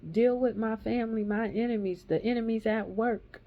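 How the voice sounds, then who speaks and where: A woman's voice: on the high side, steady tone, normal speed. A woman in her thirties or forties giving a raw, angry personal testimony, ranting and swearing heavily. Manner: heated, profane ranting. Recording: dull lo-fi recording.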